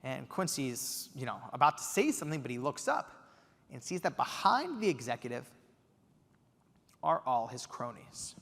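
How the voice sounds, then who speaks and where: A young man from Los Angeles giving a keynote speech, telling a story with lively energy and acting out the quotes. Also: mid-range voice, moderate pace, gravelly. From Los Angeles, USA. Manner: animated, acts out quotes. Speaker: keynote speaker. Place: conference hall stage. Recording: long reverb of a large hall.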